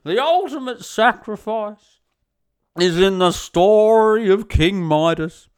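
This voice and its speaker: A man voicing a rambling, preachy online commenter in an exaggerated Australian accent, reading slowly with mock solemnity. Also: high-pitched, expressive, smooth, voice pushed up. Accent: exaggerated put-on Australian. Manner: slow, sing-song, mock-solemn reading.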